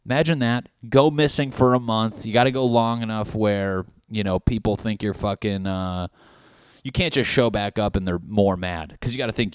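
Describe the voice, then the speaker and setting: This solo podcast rant comes from a young male host with a fairly low, smooth voice at normal speed. He rambles, riffs, swears a lot, and acts out snippets of dialogue; the studio recording has no echo.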